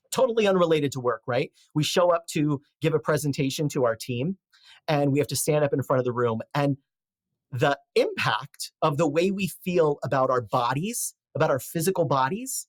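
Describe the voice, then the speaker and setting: A man's voice: on the high side, no room sound. A man in his forties speaking as a podcast guest, giving advice in a reflective, rambling way with fillers and restarts. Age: 40s.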